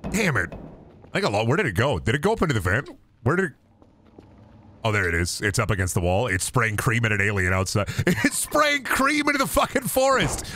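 A man streaming a video game, cursing and trash-talking loudly, then dropping to low mutters. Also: animated, fast, long pauses, heavy background noise. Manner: profane, rowdy trash talk to the game; jumps between loud yelling and low mutters. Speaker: gaming streamer. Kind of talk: live gaming stream commentary.

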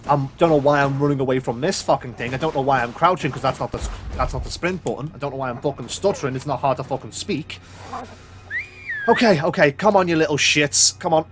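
A man's voice: mid-range voice, quick pace. A man with a sweary, exasperated manner, commentating his own gameplay and talking back to the game. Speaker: gaming YouTuber.

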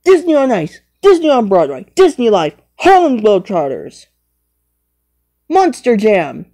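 A woman scolding and bantering through improvised toy play, repeating herself with sudden high loud cries. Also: wildly swooping pitch, unhurried. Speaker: vlogger.

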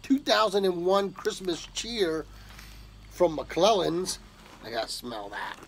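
Gravelly, slow-talking man. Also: high voice, very animated, a little hiss or hum. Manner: enthusiastic, drawling exclamations. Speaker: pipe tobacco vlogger. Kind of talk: casual unboxing talk to camera.

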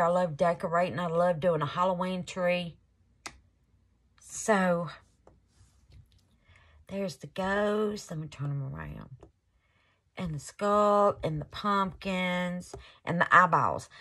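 A woman's voice: lowish voice, a bit bright. A woman hosting a casual crafting vlog, gushing over her work and calling viewers baby and y'all. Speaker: resin crafting channel host.

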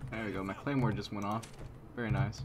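A man giving live commentary on a shooter game, goofy and self-mocking, switching between loud exasperated outbursts and low mumbled asides. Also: fairly even intonation, quick pace, noisy background. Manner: goofy, self-mocking, talks trash at opponents. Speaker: gameplay commentator. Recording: game gunfire clearly heard behind the voice.

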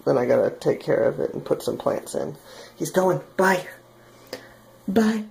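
A woman's voice: sits low, sing-song, a little slow, gravelly, a little mellow, breathy edge. A woman vlogging casually at home, playfully chatting to her aquarium fish. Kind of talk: casual vlog tour.

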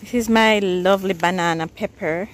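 A woman's voice: medium pitch, moderate pace, a little hiss or hum. A woman from Jamaica with a Jamaican accent, chatting casually and laughing often as she walks through her outdoor container garden. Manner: chatty, laughs often while showing plants. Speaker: gardening vlogger. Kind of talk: casual garden walkthrough vlog.

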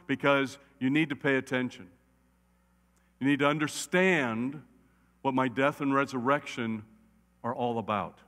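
Animated pastor in an echoing church. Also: male voice, a little high. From United States. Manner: animated, repeatedly asks "right?". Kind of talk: conversational sermon. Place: church sanctuary. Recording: long church reverb.

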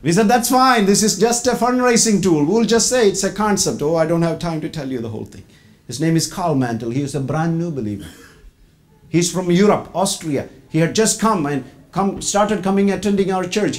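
A middle-aged Indian man gives a testimony during a sermon, telling his story with loud quoted lines and quiet asides.

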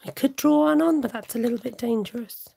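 Her fairly high voice carries vocal fry, a dark tone and a breathy edge, and she talks fairly quickly. She's a card-making livestream host, casually chatting, reading out viewers' comments and frequently murmuring asides to herself.

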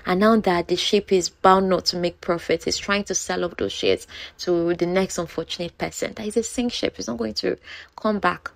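A woman voicing a young gentleman suitor who teases and then speaks earnestly, in a quiet, low-key way. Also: steady tone, normal speed, gravelly, no room sound. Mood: teasing.

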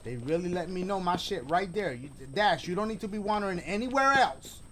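A man's voice: high voice, lively intonation, brisk, a bit bright, a little hiss or hum. A man doing let's play commentary on a game, slangy and joking, talking to the viewers. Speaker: gaming YouTuber.

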